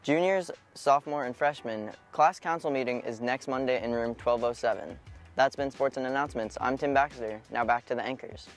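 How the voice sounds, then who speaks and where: A teenage boy reading sports and school announcements from a script in a plain, even voice. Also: medium pitch, a little fast, soft background music. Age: teens. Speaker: sports reporter.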